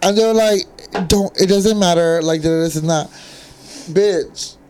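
A young woman in casual chat among friends, telling a story in an animated, profane way. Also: on the low side, measured pace, clear, resonant tone.

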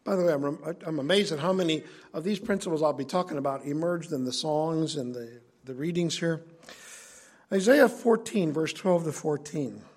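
A man's voice: on the high side, normal speed, a little mellow, slightly rough. A male preacher giving an earnest sermon that explains scripture in a conversational way.

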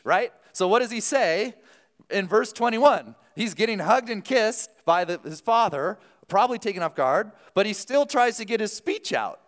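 A man preaching a sermon as a pastor, telling the story in an animated, lively way with quick asides. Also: sits high, in a large hall.

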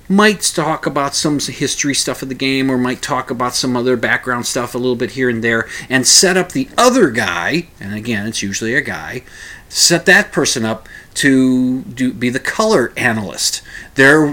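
A man's voice: medium pitch, fairly bright tone. A man hosting a casual spoken monologue, rambling with many restarts and small chuckles.

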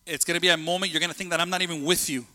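Lively bright-voiced male preacher. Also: fairly high pitch, racing, big-room sound. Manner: animated, conversational, jumps between stories. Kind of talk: sermon.

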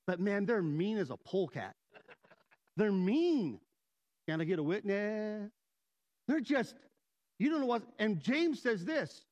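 High-voiced male pastor preaching. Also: low-quality recording. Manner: conversational preaching with humor and audience asides. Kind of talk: sermon.

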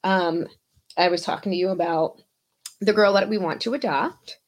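A woman's voice: lowish voice, moderate pace. A woman guest on a podcast, chatting casually and rambling, swearing freely and laughing often. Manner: rambling, profane, frequent laughs. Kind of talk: casual chat.

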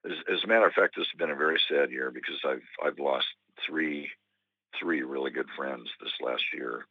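An American man chatting in an interview, wry and self-deprecating, with a gravelly voice. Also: very deep voice, moderate pace, no room sound, phone-quality sound. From United States. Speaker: touring musician guest. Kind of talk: phone interview chat.

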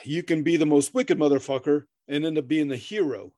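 A man's voice: fairly high pitch, a little fast, mellow, dry recording, clean studio sound. A middle-aged man co-hosting a podcast in casual chat, rambling, swearing freely, laughing often and stammering through restarts. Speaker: podcast co-host.

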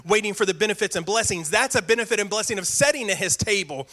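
A male pastor preaches a sermon with earnest emphasis, circling back to repeated phrases. His high voice is bright and forceful, with lively intonation, a quick pace and few pauses.

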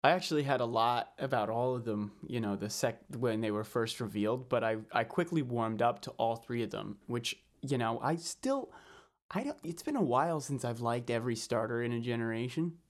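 A man's voice: medium pitch, expressive, a little fast. A man in a casual podcast chat who jokes with a dry, teasing manner. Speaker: podcast co-host.

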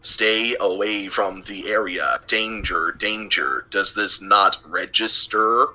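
A man's voice: lowish voice, fairly even intonation, takes it slowly, sharp tone, exaggerated voice. Man playing a stiff, formal spellcaster. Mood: stern. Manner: formal, stilted, repetitive warnings.

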